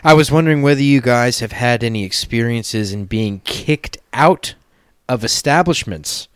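A man's voice: medium pitch, moderate pace, clean tone, no room sound. Man reading a story aloud, dry sound. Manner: reads aloud with laughs and crude asides. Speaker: podcast host reading a listener story. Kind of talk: casual podcast chat.

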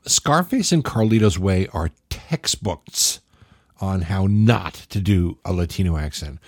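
A man hosting his own show, giving sardonic, deliberate recommendations with the odd laugh. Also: low-pitched, expressive, dry recording, studio quality. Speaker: podcast host. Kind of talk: casual comedic monologue.

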